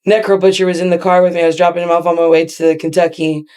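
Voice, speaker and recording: A woman's voice: fairly low pitch, flat delivery, quick pace, warm tone, clear, resonant tone. A middle-aged woman, a wrestler as a guest, telling stories in casual, profane chat and laughing often.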